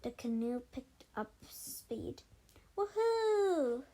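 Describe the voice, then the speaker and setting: A woman with a fairly high voice reads a children's storybook aloud. Her narration is expressive and lively, with the odd stumble and restart left in. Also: unhurried, rough recording. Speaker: storybook reader.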